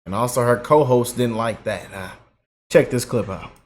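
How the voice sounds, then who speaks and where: A man giving an animated, mocking reaction commentary for his video channel, repeating himself for emphasis. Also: mid-range voice, moderate pace, slight background noise. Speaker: YouTube commentator.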